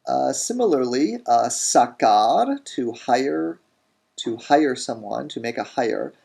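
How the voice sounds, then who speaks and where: A man teaching a grammar lesson in a recorded lecture, deliberate, saying each word form slowly and repeating it. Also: mid-range voice, lively intonation, gravelly, darkish tone, husky. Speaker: language teacher.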